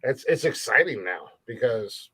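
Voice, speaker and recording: A man's voice: medium pitch, animated, a little slow, sharp tone, husky. A man co-hosting a comedy podcast in loose casual chat, rambling and repeating words as he jokes around. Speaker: podcast co-host.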